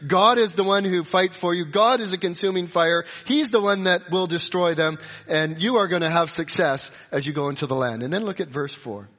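A middle-aged man preaching a sermon, swinging from emphatic high points to quiet, confiding asides. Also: normal speed, few pauses. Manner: rises to emphatic peaks, drops to soft confiding asides. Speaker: pastor.

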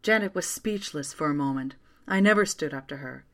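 A woman narrating a first-person story aloud in a quiet, steady way. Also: deep voice, a little fast.

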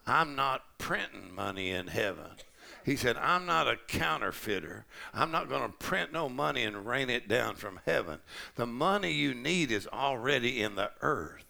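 Middle-aged preacher, man, gravelly and bright, swings from folksy talk to shouting. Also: mid-range voice, lively intonation, normal speed. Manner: rising to shouted declarations with a gravelly voice. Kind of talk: sermon. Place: large church auditorium.

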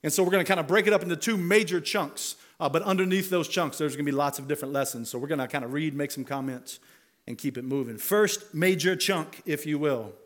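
A man's voice: fairly high pitch, quick pace. A man preaching a sermon as pastor, talking conversationally and building to emphatic rhetorical questions. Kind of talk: expository sermon.

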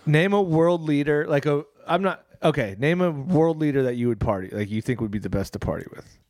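A man's voice: fairly high pitch, a little fast, a little mellow, no echo, studio quality. A man co-hosting a podcast, rambling through crude jokes and laughing often in casual banter. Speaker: podcast co-host.

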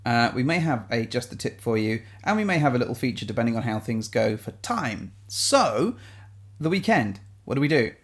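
A man's voice: medium pitch, very animated, moderate pace. A man from England with an English accent, co-hosting a casual podcast in a playful, jokey way that sometimes bursts into silly voices. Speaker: podcast co-host.

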